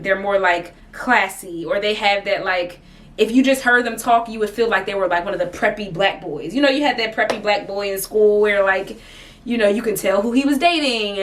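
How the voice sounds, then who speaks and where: A woman's voice: mid-range voice, far from the mic. A woman vlogging casually from her sitting area at home, chatty and laughing often between thoughts. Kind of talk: casual chat to camera.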